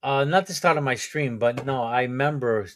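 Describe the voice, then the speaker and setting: A man with a middle-pitched voice hosts a live stream, musing and hesitating as he chats. The sound is dry and close. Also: moderate pace, dry recording. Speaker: stream host. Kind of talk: casual chat.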